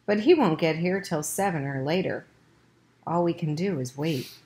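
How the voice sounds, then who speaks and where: A woman's voice: low voice, moderate pace, mellow, a little hiss or hum. A woman voicing a middle-aged father, exasperated and helpless.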